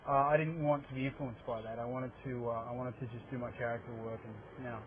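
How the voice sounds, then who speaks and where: A man's voice: mid-range voice, steady tone, quick pace. A man in his thirties with an Australian accent, an actor answering interview questions in a rambling, hesitant way with many restarts. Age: 30s. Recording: tinny phone-like audio, faint hiss.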